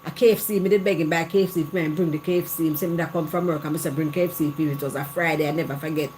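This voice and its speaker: A woman's voice: low-pitched, fairly even intonation, racing, darkish tone, slight background noise. A middle-aged Jamaican woman hosting a live chat, telling her own story candidly in patois and repeating phrases. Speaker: live stream host.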